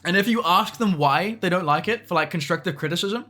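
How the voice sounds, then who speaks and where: A young man chatting casually on a live stream, with quick asides to his chat. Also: sits high, sharp tone, faint music behind.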